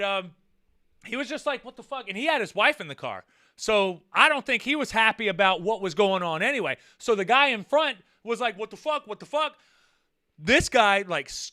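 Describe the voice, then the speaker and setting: Man, vlogger; high, smooth voice; profane, animated storyteller. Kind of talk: casual storytelling vlog.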